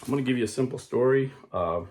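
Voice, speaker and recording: A man's voice: medium pitch, quick pace, a little mellow. A man preaching an earnest sermon and telling a parable, often restarting and repeating words. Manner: tells a parable. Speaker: Catholic preacher.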